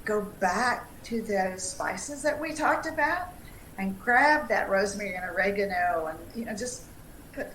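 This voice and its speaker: A woman's voice: mid-range voice, expressive, a little slow, fairly bright tone, reverberant, slight background noise, rough recording. A woman from Tennessee with a Southern accent, a dietitian giving upbeat, chatty advice and laughing often. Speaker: dietitian, featured speaker. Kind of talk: casual livestream talk.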